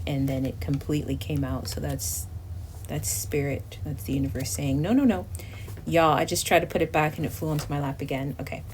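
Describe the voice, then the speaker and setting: Low-voiced chatty woman reading tarot. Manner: chatty and emotive, often drops to a near whisper. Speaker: tarot reader. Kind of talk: casual tarot reading to camera. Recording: steady background noise.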